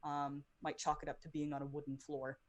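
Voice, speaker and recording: Woman game master, low voice, halting, filler-heavy narration. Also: completely flat delivery, a little mellow. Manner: hesitant, many ums. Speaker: dungeon master.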